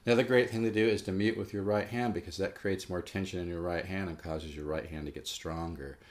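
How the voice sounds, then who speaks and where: A man's voice: low-pitched, fairly even intonation, fairly quick, darkish tone. A man giving a casual guitar lesson, rambling with restarts and stressing his points. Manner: rambling, restarts, emphatic about practice. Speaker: guitar teacher. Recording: faint guitar playing behind.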